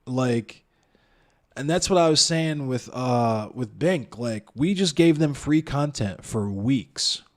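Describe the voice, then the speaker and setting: A male streamer in a heated, argumentative monologue. He talks straight at his chat, swears freely and keeps firing rhetorical questions, at an ordinary middle pitch for a man. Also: animated, slow pace. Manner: profane, blunt, addresses chat and viewers directly. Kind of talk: heated live-stream commentary.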